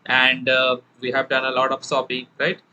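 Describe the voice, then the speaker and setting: A man's voice: medium pitch, monotone, moderate pace, pushed and bright, lo-fi sound, a little hiss or hum. A man from Bengal with an Indian English accent, an English teacher hosting a conversation and explaining pronunciation, often checking with "right?". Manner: explains with many "right?" tag questions. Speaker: English teacher and channel host. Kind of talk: casual conversational interview.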